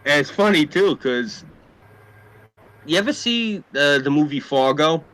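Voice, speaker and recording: New york dude rambling, cursing, cracking jokes, sharp bright voice. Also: male voice, a little high, lively intonation, a little slow. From New York City area. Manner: profane, rambling, joking. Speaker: podcast host. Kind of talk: casual storytelling chat.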